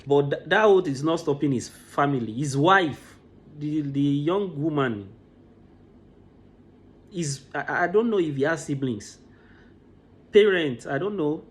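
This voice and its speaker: A man's voice: fairly high pitch, moderate pace. Impassioned man commenting. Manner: emotional, repeats words as he restarts.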